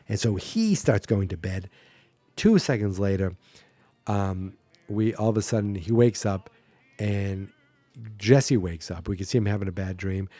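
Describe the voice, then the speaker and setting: A man's voice: fairly low pitch, unhurried, warm tone, dry recording. A man hosting a podcast, casually recapping a movie plot with sarcastic asides. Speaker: podcast host.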